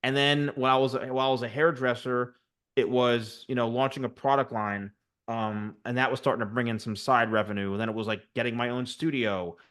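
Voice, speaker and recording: A man's voice: mid-range voice, steady tone, a little fast, fairly bright tone. A man in a casual interview, speaking from his home office over a video call with frequent restarts and fillers. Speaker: guest, hair stylist and YouTuber.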